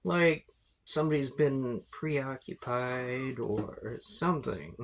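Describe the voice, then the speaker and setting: A man's voice: mid-range voice, slow, fairly bright tone. A man narrating a tabletop game as game master, in a laid-back, rambling way with fillers and swearing.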